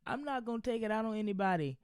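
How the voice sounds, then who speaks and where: Solo podcast host, hot-tempered and profane, loose rambling delivery, mid-pitched voice. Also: lively intonation, racing, darkish tone, clean tone, no room sound, studio quality. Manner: heated, profane ranting.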